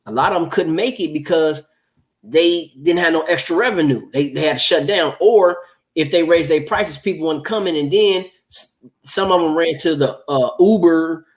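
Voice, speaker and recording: Man podcast host, slightly high voice, laid-back teasing banter. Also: normal speed. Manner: relaxed, teasing, rambles with fillers. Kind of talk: casual round-table chat.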